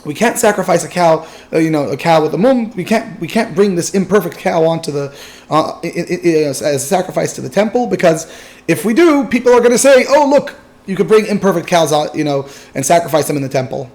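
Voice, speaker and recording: A man's voice: on the high side, a little fast, a little mellow, close to an everyday voice. An overly careful rabbi objects again and again in a raised, emphatic voice, as a storyteller puts him on. He sounds anxious and firm. He will not budge. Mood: insistent. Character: overly cautious, insistent male rabbi.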